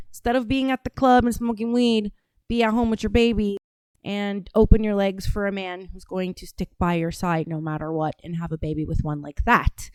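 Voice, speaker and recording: A blunt, opinionated woman from Atlanta hosting a podcast, swearing freely as she reacts to clips. Her voice is smooth and clear. It sits close and dry on the mic. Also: mid-range voice, little pitch movement, normal speed, a little mellow, dry recording. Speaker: podcast host. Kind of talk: casual commentary on played clips.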